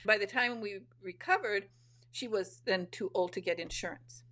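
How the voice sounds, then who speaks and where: A woman's voice: mid-range voice, normal speed, fairly bright tone, slight background noise. A woman guest in an interview telling a personal story in an earnest, reflective way, often restarting her sentences. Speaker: guest author.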